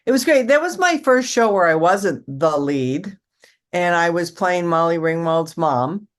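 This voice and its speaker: A woman's voice: on the low side, expressive, measured pace. An older woman, an actress, chatting in an interview and telling rambling stories full of restarts and acted-out quotes. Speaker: actress guest. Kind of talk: casual interview storytelling.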